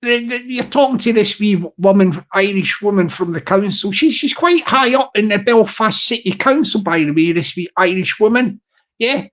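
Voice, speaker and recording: A man's voice: very high voice, fairly bright tone. A man hosting a casual livestream chat, rambling and stop-start with frequent restarts. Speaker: livestream host.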